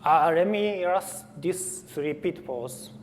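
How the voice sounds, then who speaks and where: A man giving a technical conference talk, speaking haltingly with frequent fillers and restarts. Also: fairly high pitch. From Japan. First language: Japanese. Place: conference hall. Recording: faint hall reverb, light room noise.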